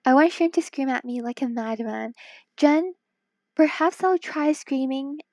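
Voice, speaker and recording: A woman streamer chatting casually with viewers while drawing, giggly and excitable, talking into wireless earbuds. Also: high voice, unhurried, dry recording.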